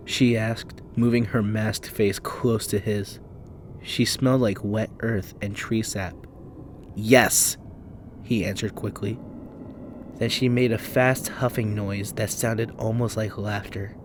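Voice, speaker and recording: A man narrating a horror story in a measured, hushed storytelling manner. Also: fairly low pitch, fairly even intonation, noisy background. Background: faint background music.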